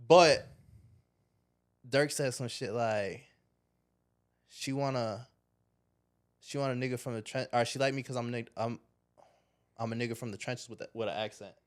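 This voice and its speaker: A man from Chicago with a Chicago accent, hosting a casual podcast chat in a blunt, profane, animated way. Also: medium pitch, normal speed, long pauses. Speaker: podcast host.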